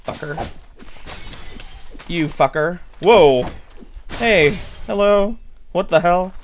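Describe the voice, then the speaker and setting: A man's voice: sits high, very slow, a little hiss or hum. A man streaming a game live, chatting playfully with his viewers, rambling and swearing freely. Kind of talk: casual live-stream chat while gaming.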